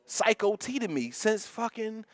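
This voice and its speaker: A man from North Philadelphia with a Philadelphia accent, co-hosting a podcast and telling stories in an animated way, laughing and full of slang. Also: high voice, a little slow, dry recording. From North Philadelphia, USA. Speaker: podcast co-host. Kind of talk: casual storytelling chat.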